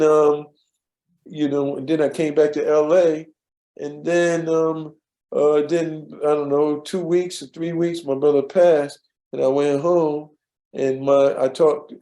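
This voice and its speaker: An older man, a former studio assistant, telling stories in a relaxed, rambling way with many restarts and fillers. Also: fairly high pitch, reverberant. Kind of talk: storytelling in a casual interview.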